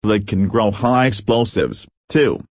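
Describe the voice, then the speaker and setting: Pompous alien leader, male, low and dry, read by a man. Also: takes it slowly, no echo. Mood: commanding. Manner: commanding, self-important. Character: pompous giant-brained male alien leader, easily alarmed.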